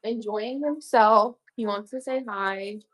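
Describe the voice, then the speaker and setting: A woman's voice: mid-range voice, slow pace. A young woman chatting casually with viewers on her own livestream, slangy and talkative. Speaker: online reseller hosting a livestream.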